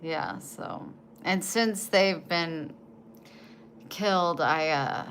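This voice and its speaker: A woman in her forties chatting casually to camera, emotional and halting, often trailing off and starting again. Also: low-pitched, fairly bright tone, a little hiss or hum. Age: 40s. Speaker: vlogger.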